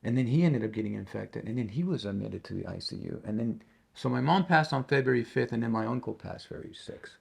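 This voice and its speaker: A middle-aged man, a musician being interviewed, talking in a halting way and often repeating and restarting his words. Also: mid-range voice, lively intonation, gravelly, darkish tone, breathy edge. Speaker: interview guest, tribute band musician. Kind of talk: casual interview conversation.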